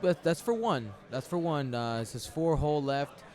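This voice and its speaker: A man's voice: fairly high pitch, lively intonation, normal speed, a little mellow. A man commentating a tabletop game match live, chatty and thinking aloud, often repeating himself.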